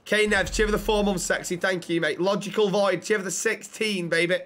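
Male streamer, casual and easygoing, voice sits a little high. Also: steady tone, a little fast, a bit bright. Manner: laid-back, chats with viewers, thanks subscribers. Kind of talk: casual gaming chat and roleplay.

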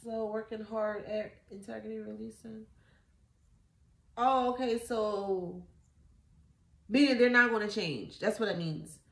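A woman's voice: medium pitch, measured pace, vocal fry, long pauses. A woman giving a casual tarot reading, blunt and profane, mocking and laughing often. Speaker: tarot reader. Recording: echoey room.

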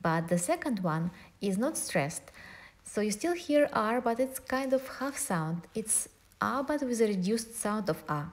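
A woman's voice: mid-range voice, big pitch swings. Russian-accented woman teaching pronunciation. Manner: methodical, spells out and models pronunciations slowly. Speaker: language teacher. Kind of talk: online language lesson.

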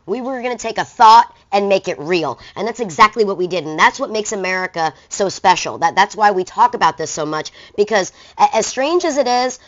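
A woman's voice: medium pitch, lively intonation, fairly quick, few pauses. A woman teacher giving a recorded lesson in a casual, conversational way with bits of slang. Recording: dull lo-fi recording.

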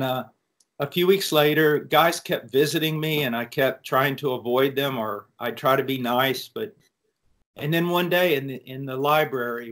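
An American man speaks as a preacher at a student Q&A, recounting his testimony with an earnest, reflective manner. His voice sits at an ordinary pitch for a man, and he tells the story in a measured, sincere way. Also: a bit bright. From United States. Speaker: preacher answering student questions. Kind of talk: personal testimony in a Q&A.

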